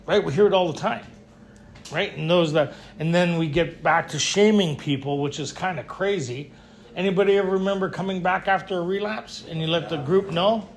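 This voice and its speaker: A man with a high voice speaks briskly to a recovery group in a retreat meeting room. He tells blunt, joking stories with tough-guy humor, livening them up with frequent rhetorical "right?" questions.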